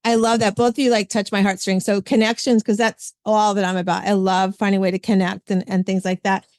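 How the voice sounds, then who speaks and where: A woman hosting a podcast, chatting casually and retelling stories with lively quoted voices. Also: mid-range voice, brisk, no echo, clean studio sound. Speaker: podcast host. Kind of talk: casual chat.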